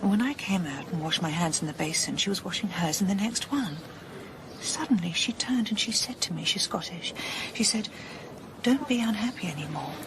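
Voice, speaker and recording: An actress in her thirties playing an emotional grieving mother who often speaks in a breathy half-whisper in a radio drama. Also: lowish voice, expressive, normal speed, lightly acted. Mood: breathless, excited. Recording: radio broadcast with clear hiss.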